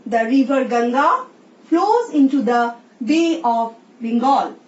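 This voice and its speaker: A woman teacher with an Indian English accent, slowly explaining a recorded English lesson and reading example sentences aloud. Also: fairly high pitch, expressive, a little mellow. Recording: roomy, distant, dull sound with faint hiss.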